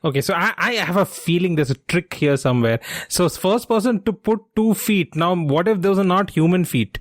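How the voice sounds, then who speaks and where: A man co-hosting a trivia podcast, chatty and quick to laugh, who thinks out loud with many restarts. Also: sits high, animated, no echo, clean studio sound. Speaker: quiz podcast co-host. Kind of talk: casual quiz podcast chat.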